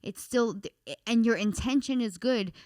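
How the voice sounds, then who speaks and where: A woman's voice: fairly high pitch, a little slow, mellow, dry recording, clean studio sound. A woman who is a stand-up comedian, chatting casually and earnestly on a talk show. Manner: chatty and earnest, with jokey asides. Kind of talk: casual chat.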